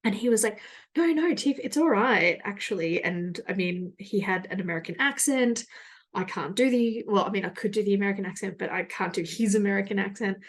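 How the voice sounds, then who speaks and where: A woman's voice: mid-range voice, quick pace. A woman in her thirties, hosting a solo podcast in a rambling, candid way, laughing often at herself. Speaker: podcast host.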